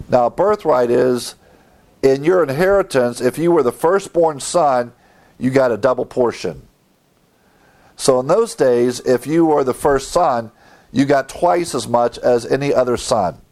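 Gravelly guy preaching a sermon, does little voices for the bible characters. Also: medium pitch, darkish tone. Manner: acts out biblical characters in quoted voices. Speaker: pastor.

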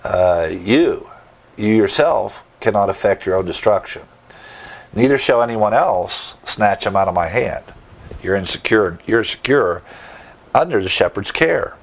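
A man's voice: fairly low pitch, animated, measured pace, gravelly. A man preaching a sermon, teaching verse by verse with emphatic asides and rhetorical questions. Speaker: pastor.

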